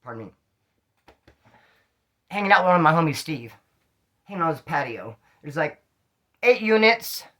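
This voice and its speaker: A man telling stories from his own street life in casual slang, animated and acting out the dialogue. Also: a little high, moderate pace, long pauses. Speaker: storyteller recounting street life. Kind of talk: casual storytelling monologue.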